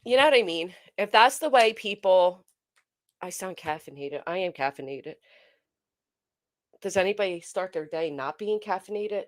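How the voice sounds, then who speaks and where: A woman hosting a casual livestream, chatting to viewers in an animated, emphatic way with a forceful edge. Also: fairly low pitch, normal speed, no room sound, studio quality. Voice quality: tends to sound forceful, described as angry. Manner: animated, emphatic, talks straight to chat. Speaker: livestream host.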